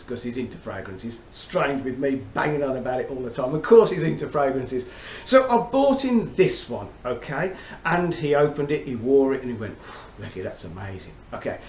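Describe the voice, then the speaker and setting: A man's voice: medium pitch, a little mellow. A middle-aged man reviewing fragrances in a chummy, chatty, storytelling way. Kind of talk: casual chat to camera. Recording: roomy echo, faint background noise.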